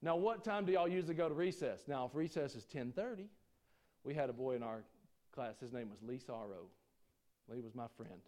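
A man preaching a sermon, folksy and joking with the congregation, swinging between loud preaching and quiet asides. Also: mid-range voice, brisk. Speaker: pastor.

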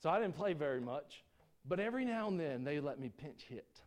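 Guy preaching, kinda high voice, jokey asides then loud again. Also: very animated, brisk. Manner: folksy, jokes with the congregation, swings from loud preaching to quiet asides. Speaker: pastor. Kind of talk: sermon.

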